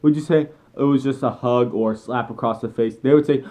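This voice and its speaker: A young man vlogging an excited, rambling fan rant with frequent self-corrections. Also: mid-range voice, fairly quick.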